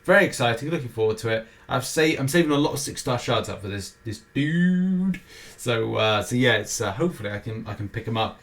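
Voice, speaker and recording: A man's voice: medium pitch, lively intonation, fairly quick, a bit bright. A British man talks through a game's weekly schedule in a loose, rambling way. He keeps breaking off for jokey, self-mocking asides. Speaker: gaming show host. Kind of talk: casual weekly game schedule rundown.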